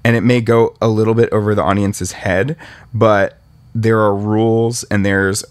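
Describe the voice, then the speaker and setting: Low-voiced man in casual podcast chat. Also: level tone, moderate pace, no echo. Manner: rambling, self-deprecating, laughs at himself. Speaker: podcast host, 3D artist.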